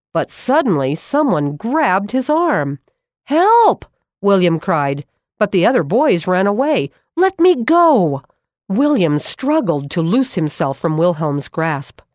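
Low-voiced woman reading a story. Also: no echo, studio quality. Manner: calm, measured storytelling. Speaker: narrator. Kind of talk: storybook read-aloud narration.

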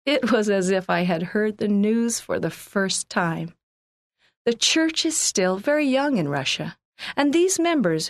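A woman from Canada reading a first-person church magazine article aloud in a calm, earnest, scripted narration. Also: mid-range voice, no room sound, clean studio sound.

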